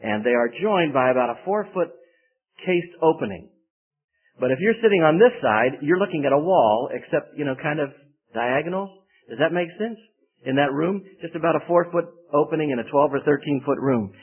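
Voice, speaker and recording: A man's voice: a little high, animated, moderate pace, breathy edge. A man preaching, telling a folksy personal story before reading scripture. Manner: folksy storytelling, acts out quoted voices. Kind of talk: sermon with personal anecdote. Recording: tinny phone-like band.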